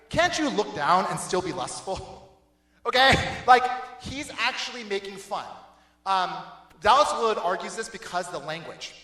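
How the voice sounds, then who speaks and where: A young adult man giving a casual youth sermon, lively and conversational, laughing often and checking in with the listeners. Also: high voice, echoey room. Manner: animated, laughing, conversational with frequent "right?" and "okay?". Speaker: youth pastor. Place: church hall.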